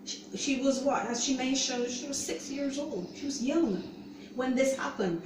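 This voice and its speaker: A woman's voice: sits high, background noise. Earnest woman in a roomy echo. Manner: earnest, halting, leans on "you know". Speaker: show host sharing her own story. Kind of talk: personal testimony talk. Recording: roomy echo, voice distant from mic.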